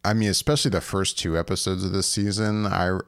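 A man's voice: deep voice, steady tone, brisk, smooth, no room sound, clean studio sound. A man co-hosting a podcast in casual chat, rambling with frequent laughs and restarts. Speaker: podcast co-host.

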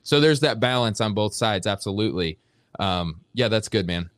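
A man's voice: lowish voice, animated, normal speed, no echo, studio quality. A man in a casual faith discussion, agreeable and affirming.

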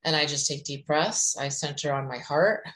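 A woman's voice: low voice, moderate pace, fairly bright tone, poor audio. A woman giving casual spiritual advice to viewers, chatty and rambling, often checking in with "right?".

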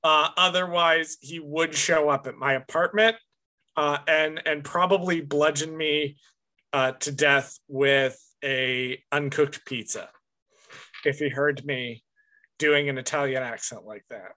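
A man co-hosting a casual podcast chat, wry and self-mocking, tossing in quick asides. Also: fairly high pitch, steady tone, pushed and bright. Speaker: podcast co-host.

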